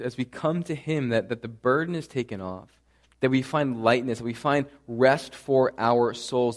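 A pastor preaching a sermon with earnest conviction, repeating phrases and building to emphatic passages. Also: male voice, medium pitch.

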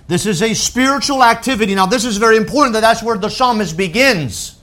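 A male pastor with a high voice delivers a sermon, preaching emphatically as he climbs to shouts and falls to soft lows. When quoting scripture, he slows into a deliberate voice.

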